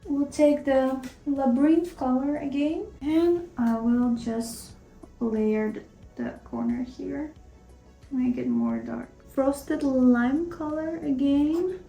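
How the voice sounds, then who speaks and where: A woman narrates her makeup routine in a casual, rambling way, full of self-critical asides. Her voice is mellow with a gravelly fry. The recording carries the echo of a roomy space. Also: high voice. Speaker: makeup vlogger. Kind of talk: casual makeup tutorial commentary. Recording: echoey room.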